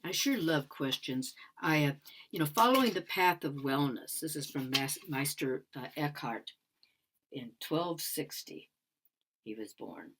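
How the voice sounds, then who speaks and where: A woman's voice: sits low, animated, unhurried, fairly bright tone, slight background noise. An older woman giving a musing conference talk on sound healing, repeating phrases and sometimes dropping to a whisper. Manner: musing, repetitive, drops into whispers.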